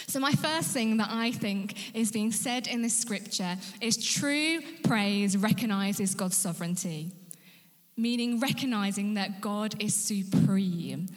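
Woman preacher, earnest, whispers for emphasis, rallies listeners, long hall reverb. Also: fairly high pitch. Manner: rallies the congregation with questions. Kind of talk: sermon.

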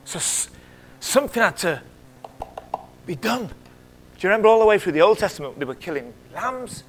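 A middle-aged pastor with a high voice preaches a sermon in church, speaking conversationally, fairly quickly, and asking the congregation questions. His pitch swings widely as he drops to hushed whispers and then rises to loud, sharp exclamations, with a little hiss or hum on the recording.

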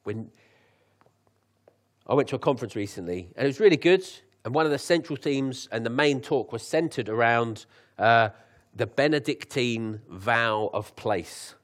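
A young man preaching a sermon, chatty and joking, then reading scripture slowly with lifted emphasis. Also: mid-range voice, expressive. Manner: conversational, laughs at his own asides.

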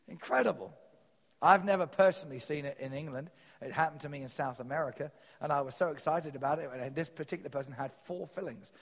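Male preacher, fairly high voice, animated storyteller, big hall reverb. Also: husky. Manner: storytelling with quoted dialogue, animated. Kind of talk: sermon teaching. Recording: long reverb of a large hall.

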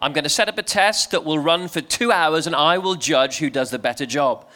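A man voicing God as a calm, weary, all-powerful male figure in a joke, speaking in a slow, dry, deadpan way. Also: on the high side, pitched below the performer's own voice.

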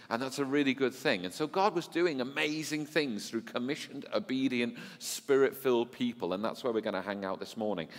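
Pastor preaching, mid pitch, goes soft then loud, playful with the crowd, big hall echo. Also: male voice. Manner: animated, teasing the congregation, swings from soft to loud. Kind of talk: sermon. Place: church hall with long reverb. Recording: long hall reverb.

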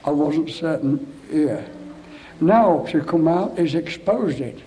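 A high-pitched but mellow man preaches with fervour at a revival meeting. He pleads and coaxes his flock emotionally, stumbling over repeated starts as the feeling runs ahead of his words. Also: a little slow, a little hiss or hum, rough recording.

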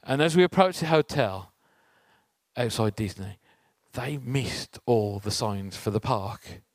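A man's voice: medium pitch, lively intonation, slow, no room sound. Man preaching in a chatty tone. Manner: chatty, asks the audience rhetorical questions. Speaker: church speaker. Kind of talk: conversational sermon with personal story.

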